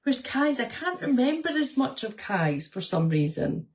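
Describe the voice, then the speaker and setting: A woman's voice: a little high, big pitch swings, normal speed. A woman vlogger and nurse chatting casually, answering viewer comments and laughing often as she retells stories.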